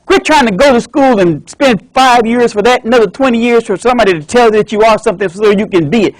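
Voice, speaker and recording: A man's voice: extremely high pitch, quick pace, dry recording, low-quality recording. A man telling a dramatic story at a club meeting, emphatic and upbeat, repeating motivational lines. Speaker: club speaker.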